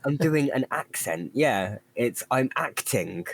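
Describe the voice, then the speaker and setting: A man's voice: mid-range voice, expressive, creaky, no room sound. Joking man chatting on a podcast. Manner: joking, laughs often, quick asides. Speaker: podcast co-host. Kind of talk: casual comedic chat.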